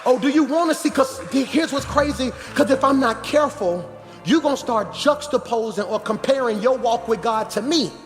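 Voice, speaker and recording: A high-voiced male pastor delivers a sermon in a large, echoing church hall with music playing behind him. He starts conversationally and builds up to shouting, animated and at a moderate pace.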